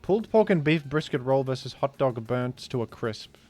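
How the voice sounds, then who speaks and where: A man streaming a food guessing game, talking casually with animated, incredulous outbursts. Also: mid-range voice, moderate pace, faint music behind. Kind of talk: casual gaming commentary.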